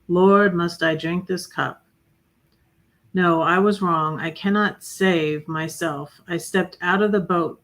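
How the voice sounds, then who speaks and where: Slow, gravelly woman reading her poems. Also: lowish voice, a bit bright. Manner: slow and hesitant, with many pauses and fillers. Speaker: livestream host reading her own poems. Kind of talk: casual poetry reading on a livestream.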